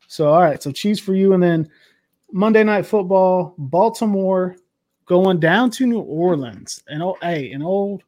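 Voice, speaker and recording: A man's voice: sits high, a little slow, a little mellow, no room sound. A man co-hosting a casual sports podcast, swearing freely and working himself up as he rants about football fans. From Cincinnati area. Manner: profane, worked-up ranting. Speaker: podcast co-host.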